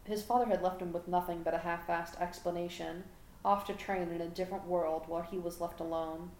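A woman narrates prose in a steady, even reading voice that sits on the low side. Her home recording is roomy and echoey, with a faint hum running underneath. The delivery stays calm and measured. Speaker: fan fiction audiobook reader. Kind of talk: story narration.

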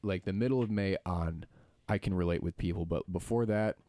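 Young man, casual podcast chat, smooth clear voice, lowish pitch, dry close sound. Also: brisk, dry recording. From United States. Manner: lively storyteller, slips into mimicking voices. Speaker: podcast guest.

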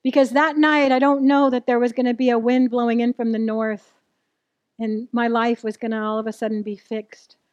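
A woman's voice: a little high, level tone, moderate pace, darkish tone, dry recording, muffled recording. A middle-aged woman preaching a sermon, telling a candid personal story and asking the audience questions. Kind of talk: sermon to a live church audience.

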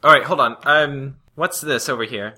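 A man plays a tabletop game, tossing in quick joking asides. His voice is bright and sharp. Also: medium pitch, a little hiss or hum. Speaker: player. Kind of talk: tabletop role-play.

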